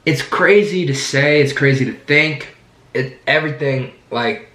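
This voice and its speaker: A man with a hoarse voice, hosting his own channel and rambling excitedly about his team. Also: on the high side, measured pace, echoey room. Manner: rambling, excited, restarts sentences often. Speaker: sports fan channel host. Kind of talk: casual sports vlog commentary. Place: indoor room, sitting down.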